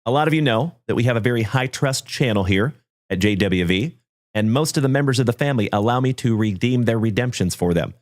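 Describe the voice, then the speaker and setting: A man's voice: medium pitch, lively intonation, a little fast. Folksy upbeat male livestream host. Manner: folksy, upbeat, greets viewers by name. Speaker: card break livestream host. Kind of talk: livestream chat with viewers.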